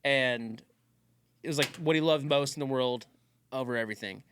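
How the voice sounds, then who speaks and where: A man's voice: mid-range voice, moderate pace, fairly bright tone, a little hiss or hum. A man who does stand-up, co-hosting a podcast in casual chat, earnest and rambling with many fillers. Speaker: podcast co-host, stand-up comedian.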